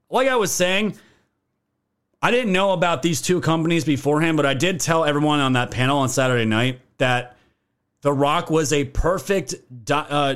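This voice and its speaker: A man's voice: fairly high pitch, fairly bright tone. A man hosting a political commentary video, ranting in a heated, profane way and calling his viewers fam.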